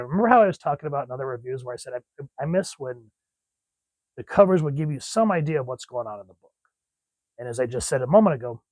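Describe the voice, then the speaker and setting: A man's voice: medium pitch, a little mellow, no echo, poor audio. Enthusiastic rambling man with a dry sound. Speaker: comic book reviewer. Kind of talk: casual chat.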